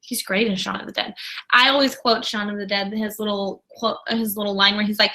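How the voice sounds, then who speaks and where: A woman's voice: mid-range voice, steady tone, a little fast, sharp tone, rough recording. A woman co-hosting a film podcast in casual chat, enthusiastic, jokey and blunt. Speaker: podcast co-host.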